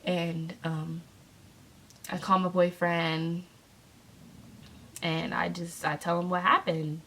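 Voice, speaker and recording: A woman's voice: fairly low pitch, slow, a little hiss or hum. Sassy young woman telling a story. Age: young adult. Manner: animated, sassy storytelling to viewers. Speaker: vlogger. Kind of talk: storytime vlog.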